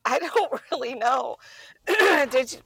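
A woman's voice: sits high, lively intonation, slow pace, vocal fry, fairly bright tone, slightly rough. A woman chatting as a podcast guest, playful and giggly. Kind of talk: casual chat.

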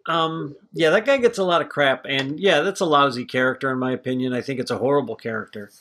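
A podcast co-host with a mid-range, fairly bright voice talks fast as he chats casually about a movie. He's opinionated, rambles, and swears freely in this loose movie review conversation.

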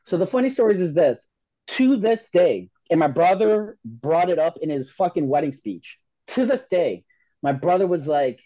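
Excitable man. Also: a little high, moderate pace, no room sound. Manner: excitable, profane, acts out quoted voices. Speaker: podcast guest. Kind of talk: casual storytelling chat. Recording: dull, dry podcast audio.

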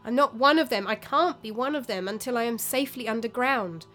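A woman's voice: a little high, fairly quick, fairly bright tone, close to an everyday voice. Woman voicing a wry, mournful young male ghost. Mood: pleading. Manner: dry, wry and pleading.

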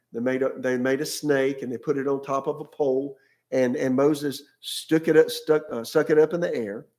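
A man's voice: mid-range voice, gravelly, darkish tone. A male pastor preaching a sermon in a conversational way, often repeating words and asking his listeners questions.

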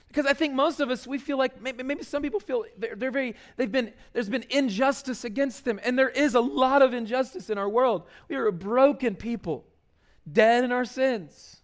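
A man's voice: very high-pitched, normal speed. A man preaching a sermon in a loose, conversational way, full of fillers and restarts. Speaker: pastor.

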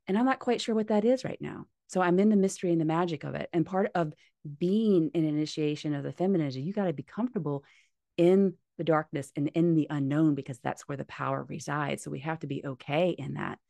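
A woman's voice: sits low, fairly even intonation, fairly quick, creaky, dark tone, no echo. A woman talking as a podcast guest, candid and heartfelt, swearing casually. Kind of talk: candid conversational interview.

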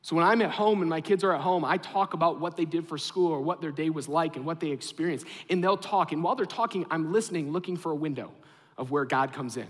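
Pastor, man in his thirties, higher voice, lively conversational sermon with asides to the crowd, echoey church hall. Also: quick pace. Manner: animated, conversational with asides to the congregation.

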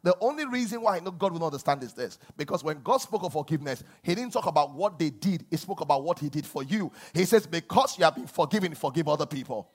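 A man preaching a sermon as a pastor, swinging between loud emphasis and quiet asides. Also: a little high, animated, fast talker, few pauses.

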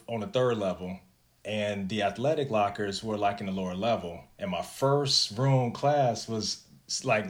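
A man telling a story in a casual chat, laid-back and slangy, with plenty of cursing. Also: fairly low pitch.

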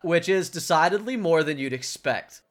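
A man narrating a tabletop game as game master in a casual, lively way. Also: fairly high pitch, normal speed.

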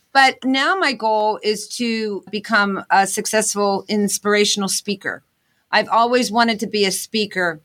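A woman's voice: mid-range voice, bright, forceful tone. A woman guest in an interview, talking earnestly about her path as an inventor and motivational speaker. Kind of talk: candid interview talk.

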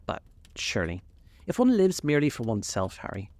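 Man voicing a gentle, troubled painter. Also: mid-range voice, wildly swooping pitch, a little fast, no echo. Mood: grave.

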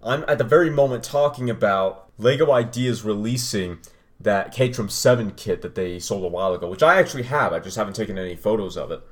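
A man's voice: fairly low pitch, fast. A young man hosting his own podcast, talking casually and rambling as he reacts to his old first episode. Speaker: podcast host. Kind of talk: casual solo podcast talk.

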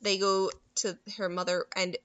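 A woman's voice: medium pitch, dull audio. A woman in casual chat, retelling a movie scene by scene and quoting the characters as she goes. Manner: animated retelling with quick character quotes.

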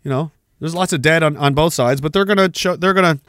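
A man's voice: a little high, quick pace, crowd noise. A man hosting a podcast, ranting sarcastically and with heavy profanity while commenting on news clips. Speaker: podcast host.

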